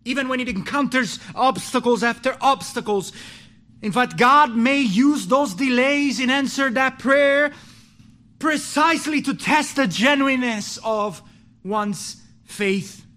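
Bright, high-voiced impassioned preacher man. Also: unhurried. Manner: impassioned, swings from pleading loud to low and hushed; repeats and restarts words. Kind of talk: sermon.

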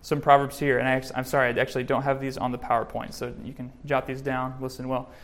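A man giving a sermon, preaching in a lively, joking way with lots of rises and drops in voice. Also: quick pace. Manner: lively, joking preaching, varied pitch and loudness. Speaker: pastor.

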